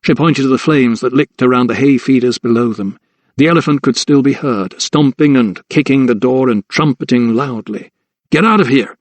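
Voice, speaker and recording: With a middle-pitched voice, a male audiobook narrator works through a historical mystery script, steady and suspenseful. The recording is close and dry, free of echo and room sound.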